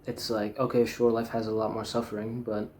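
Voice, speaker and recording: A man's voice: on the low side, completely flat delivery, fairly quick, a little mellow, slight background noise. A young man talking frankly in a rambling personal monologue, full of fillers, restarts and swearing. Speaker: vlogger.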